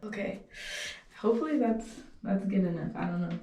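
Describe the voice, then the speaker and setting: Brisk and dark-toned, a young woman's mid-range voice comes through muffled and distant as she vlogs about beauty at home. Chatty yet nervous, she swears and laughs to herself while working, in an echoey indoor room with music playing behind her off-mic voice.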